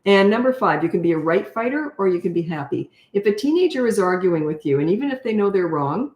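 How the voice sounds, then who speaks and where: An older woman talks through parenting questions in a blunt, no-nonsense way, laughing easily between points. Her voice sits at an ordinary middle pitch. The recording has a noticeably roomy echo. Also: expressive, quick pace, lo-fi sound. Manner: blunt, matter-of-fact, laughs often. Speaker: parenting coach. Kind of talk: casual Q&A advice.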